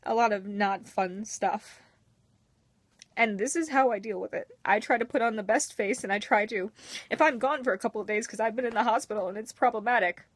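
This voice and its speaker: A woman's voice: fairly high pitch, brisk, no room sound. A young woman talking candidly and emotionally to her camera in a personal vlog, with a self-mocking edge. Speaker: vlogger.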